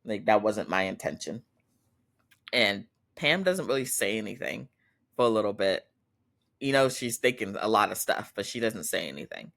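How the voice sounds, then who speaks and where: A man's voice: lowish voice, lively intonation, moderate pace, creaky, fairly bright tone. A man hosting a podcast, giving a chatty casual recap and quoting characters in his own voice. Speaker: podcast host.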